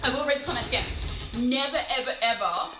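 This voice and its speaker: A woman's voice: on the high side, fast talker, reverberant, low-quality recording. An Australian woman chatting casually on a live stream while painting, laughing often and swearing playfully. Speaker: livestreaming miniature painter. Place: room alone.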